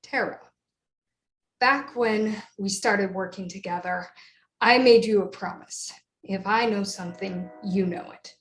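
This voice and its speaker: A woman's voice: mid-range voice, a little slow, lightly acted. A woman voicing a nervous young male doctor who sounds stiff and rehearsed as he delivers hard news. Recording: roomy echo.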